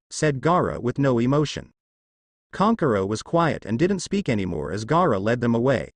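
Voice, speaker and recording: A man narrating a fanfiction story as an audiobook with steady reading. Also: medium pitch, normal speed, dry recording, studio quality.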